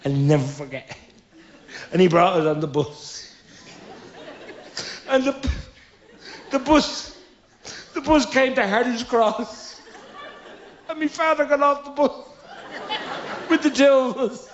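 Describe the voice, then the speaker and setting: Middle-aged Dublin Irish man, stand-up storyteller, fairly high voice, dull lo-fi sound. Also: slow, pauses often, a faint crowd. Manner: lively storyteller, acts out characters in his own voice. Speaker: comedian. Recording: dull lo-fi live recording.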